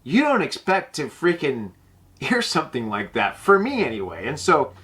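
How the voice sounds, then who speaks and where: Bright-voiced man telling his story. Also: fairly high pitch, wildly swooping pitch, moderate pace. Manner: casual, blunt, swears freely. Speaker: podcast host. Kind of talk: personal storytelling.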